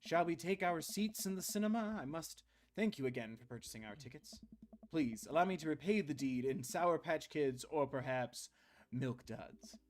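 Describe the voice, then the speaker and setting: A man's voice: on the high side, animated, normal speed, a little hiss or hum, lightly acted. A man voicing a formal, brooding gothic man who speaks in pompous, old-fashioned phrases. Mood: courtly.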